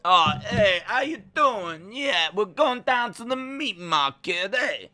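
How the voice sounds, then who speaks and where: A man's voice: high-pitched, very animated, takes it slowly, sharp tone, pitched above the performer's own voice, full character voice. A man putting on a swaggering mobster voice. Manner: drawling tough-guy patter ending lines with "eh?". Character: brash Italian-American mobster man, swaggering.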